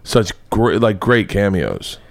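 A man hosting a podcast interview, talking in an excitable, rambling way and slipping into playful voices. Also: on the low side, slow pace, creaky, no room sound. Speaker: podcast host. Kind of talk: casual interview chat.

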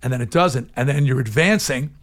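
A man in his sixties, a guest in an interview, telling his story in a candid, animated way, from loud, emphatic bursts down to low, hushed asides. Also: fairly quick.

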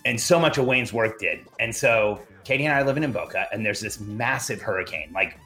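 Bright-voiced man telling a lively story. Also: on the low side, a little fast, faint music behind. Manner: animated, acts out quoted dialogue. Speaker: podcast guest. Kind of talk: storytelling in a conversation.

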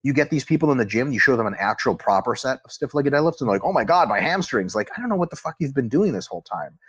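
A man talking casually on a podcast as a guest expert on training, animated and profane. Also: medium pitch, quick pace, husky, no echo, dull audio. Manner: animated, profane, acts out quotes.

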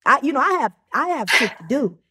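A woman's voice: sits high, big pitch swings, bright, forceful tone, breathy edge. A young adult woman, a podcast guest, talking in a casual storytelling way, full of fillers and restarts. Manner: halting, many fillers and restarts.

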